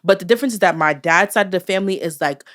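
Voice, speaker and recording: A young woman hosting a casual podcast chat, telling family stories with lively acted-out quotes and lots of "like". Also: on the low side, very fast. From United States, Jamaican family. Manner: animated storyteller, acts out quotes, says "like" often. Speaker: podcast host.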